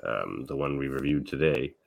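An easygoing man hosting a podcast, with an extremely deep, low voice. He chats casually and lets his sentences trail off as he thinks aloud. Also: normal speed, gravelly. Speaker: podcast host. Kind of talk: casual chat.

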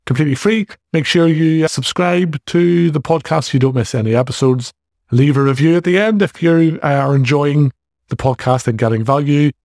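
A man's voice: a little high, moderate pace, darkish tone, dry recording, studio quality. A man in his forties with a Northern Irish accent, hosting a solo fitness podcast in a casual, direct way with jokey asides. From Northern Ireland. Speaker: podcast host and fitness coach.

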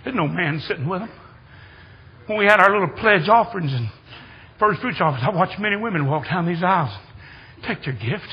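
Older preacher, very husky, high voice, folksy sermon that climbs to excited shouting. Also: male voice, a little fast, long pauses, lo-fi sound. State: hard of hearing. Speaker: guest preacher. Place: church sanctuary.

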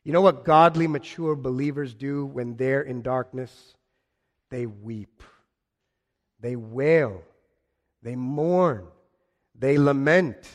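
A man's voice: mid-range voice, takes it slowly, pauses often. A male pastor preaching a sermon, impassioned and building to emphatic repeated phrases. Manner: impassioned, rising to emphatic repetition. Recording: long reverb of a large hall.

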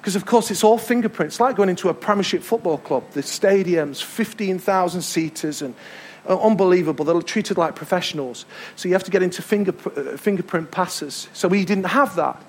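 A man's voice: high-pitched, brisk. An English man preaching a sermon as pastor, telling a travel story with emphatic repetitions. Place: church hall.

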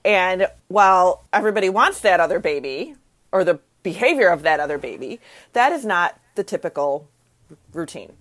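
A woman's voice: on the low side, animated, moderate pace, a bit bright. A woman who works with families, explaining in casual chat and acting out what babies and parents might say.

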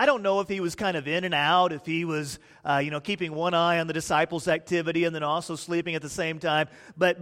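A man preaching a sermon, swinging from hushed, drawn-out words to loud, excited bursts as he acts out the disciples' panic. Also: sits high, in a large hall.

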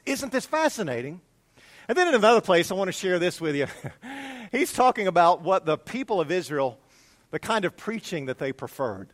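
A male pastor preaching a conversational sermon, animated and chatty, dropping to hushed tones for scripture. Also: sits high.

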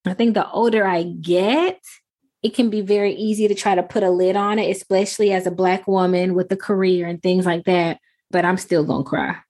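A woman co-hosting a podcast, talking in an emphatic, expressive casual chat and affirming her co-host often. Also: lowish voice, a little fast.

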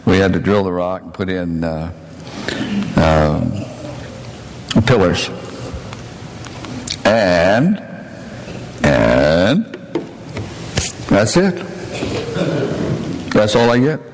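A man's voice: sits low, big pitch swings, very slow, pauses often. A man preacher and missionary telling stories in a plainspoken sermon to his congregation in a church sanctuary. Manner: plainspoken, warm asides to the congregation. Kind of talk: folksy sermon storytelling. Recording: long church reverb, faint noise.

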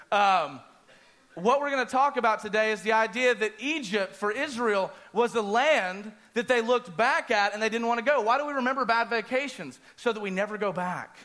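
Animated high-voiced preacher. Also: male voice. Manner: animated storyteller, acts out screams. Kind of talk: sermon with personal story.

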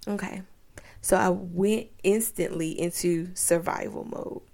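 Expressive woman podcast host, gravelly edge. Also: lowish voice, measured pace. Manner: expressive, emotional, animated retelling. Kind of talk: personal storytelling podcast.

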